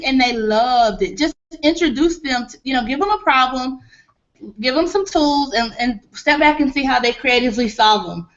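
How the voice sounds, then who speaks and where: A woman's voice: sits high, a bit bright. A woman parent on an online panel, speaking earnestly with many fillers. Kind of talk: casual video-call discussion. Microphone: video call. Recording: dull lo-fi video call audio.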